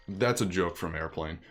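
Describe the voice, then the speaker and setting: A man streaming a game, chatting casually and joking as he reads the dialogue aloud. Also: deep voice. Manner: joking, chatty, laughs often.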